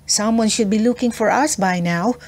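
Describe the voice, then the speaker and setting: A woman voicing a calm, sensible young girl, steady and reassuring, in a storybook read-aloud. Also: medium pitch, normal speed, lightly acted.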